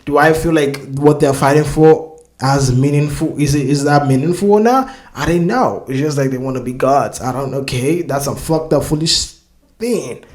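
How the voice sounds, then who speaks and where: A man's voice: on the high side, normal speed, darkish tone. A man hosting a reaction video, talking casually and rambling, swearing a lot and often searching for words.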